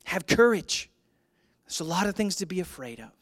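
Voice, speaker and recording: A male pastor preaching a sermon. He swings between loud, emphatic declarations and hushed, intimate lines, and calls out to his congregation. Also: high voice, expressive, quick pace, no echo, clean studio sound. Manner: addresses the congregation directly with call-and-response prompts. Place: church.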